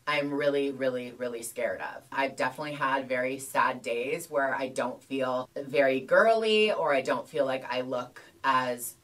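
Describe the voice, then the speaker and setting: A woman vlogger telling a candid storytime, chatty and animated, with heavy use of "like" and self-mocking humor. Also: very deep voice, normal speed, hardly any pauses. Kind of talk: casual storytime.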